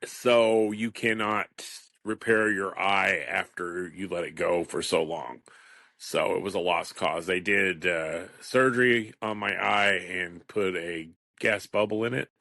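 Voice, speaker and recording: A man in his fifties talks alone on his podcast in a loose, wandering way, chuckling as he goes. His voice sits a little low, and the sound is close and dry with no room echo. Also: slow pace, creaky, bright, forceful tone. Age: 50s. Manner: rambling, chatty, chuckles often. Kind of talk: casual solo podcast monologue.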